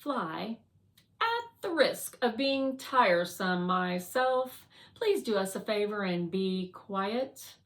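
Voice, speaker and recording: Lady reading as a calm gentle rover robot, slow and patient. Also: mid-range voice.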